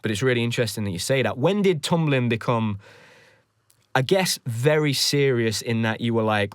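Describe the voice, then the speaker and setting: A British man hosts a podcast in a relaxed, conversational tone. He reflects on his own past before putting questions to his guest. His voice sits mid-range and is recorded close and dry. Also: medium pitch, normal speed, no room sound. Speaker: podcast host. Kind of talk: casual interview chat.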